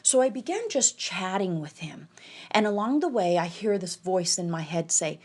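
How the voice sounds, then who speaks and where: A woman telling a tense personal story, halting and quoting the people she met. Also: on the low side, expressive. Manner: tense, halting retelling with quoted dialogue. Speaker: podcast storyteller.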